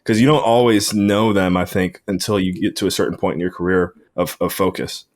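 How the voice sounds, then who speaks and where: A man hosting a podcast interview, asking questions in a relaxed, conversational way. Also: sits low, brisk. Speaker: podcast host. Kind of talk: casual interview talk.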